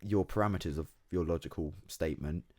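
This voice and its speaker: A young man chatting casually on a podcast, animated and swearing freely, laughing often. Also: low voice, fairly quick, no echo, clean studio sound. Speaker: podcast guest. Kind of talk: casual chat.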